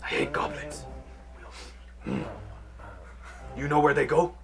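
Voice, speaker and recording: A man voicing a dim-witted male stone giant who hates goblins, speaking in blunt, broken phrases and sometimes shouting eagerly. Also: fairly high pitch, steady tone, takes it slowly, gravelly, heavily acted. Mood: wary.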